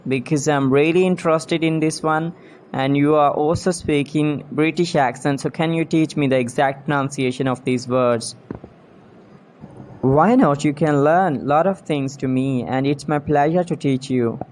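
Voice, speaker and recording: A man acting out a scripted English lesson dialogue, drilling pronunciation slowly and deliberately, one word at a time with repetitions. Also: on the high side, darkish tone, slight background noise. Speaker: pronunciation teacher.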